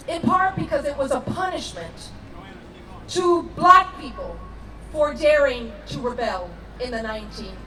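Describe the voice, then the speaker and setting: Female rally speaker, high and impassioned, distant outdoor sound. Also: roomy sound, a little hiss or hum. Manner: impassioned, emphatic, rising to shouts.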